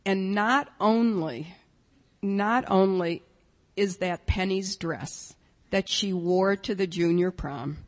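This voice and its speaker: A woman's voice: mid-range voice, slow. Older woman telling a wry story in a hall. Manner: wry, self-mocking, warm asides. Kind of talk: humorous storytelling talk. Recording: long reverberant hall.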